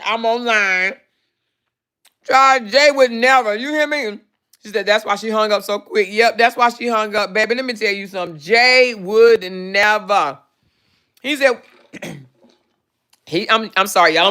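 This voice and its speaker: A woman hosting a casual livestream, commenting in an animated, salty way and laughing often as she talks to her viewers. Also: medium pitch. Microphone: phone.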